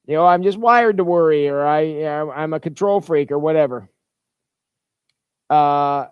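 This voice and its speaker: A man's voice: on the high side, no echo, clean studio sound. A man pastor giving an informal livestreamed church talk in a chatty, rambling way, stumbling and restarting often.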